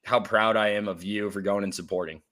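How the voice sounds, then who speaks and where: A man with a fairly low voice co-hosts a casual sports podcast. He talks earnestly and at length, circling back with fillers as he makes his point. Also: steady tone, fairly quick, a bit bright. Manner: earnest, rambling, fond of fillers. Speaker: podcast co-host.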